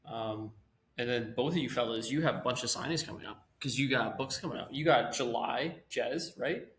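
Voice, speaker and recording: A man's voice: medium pitch, normal speed, a bit bright. A man hosting a podcast, playful and jokey in casual chat. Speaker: podcast host. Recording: roomy echo.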